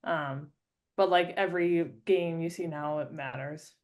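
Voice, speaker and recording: A young woman hockey player answering podcast questions. Her voice is a little low, and she speaks in a measured, thoughtful and earnest way. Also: steady tone. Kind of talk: casual chat.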